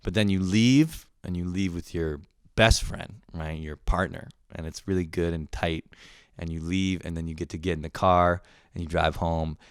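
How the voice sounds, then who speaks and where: Here a young podcaster curses his way through a comic monologue, cranky and mocking himself, erupting loudly and then dropping to low grumbles. His tone is steady and clean at normal speed, recorded dry in studio quality.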